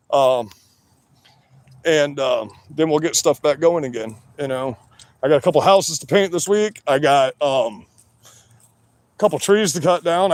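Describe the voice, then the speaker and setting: A man livestreaming from his work shed on a phone, talking loud, rambling and profane, wired on energy drinks, so that he always sounds like he is yelling. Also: a little high. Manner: loud, rambling and profane, with many "you know"s. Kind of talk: livestream rant.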